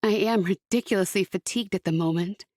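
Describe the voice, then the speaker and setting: Lady reading tired young woman just out of surgery, quiet worn-out replies. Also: mid-range voice, quick pace, no room sound, clean studio sound, natural voice.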